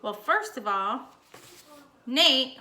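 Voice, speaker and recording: A woman's voice: sits high, expressive, very slow, pushed and bright, a little hiss or hum. A young woman teacher recording a casual home lesson for her students, explaining each step in a chatty way.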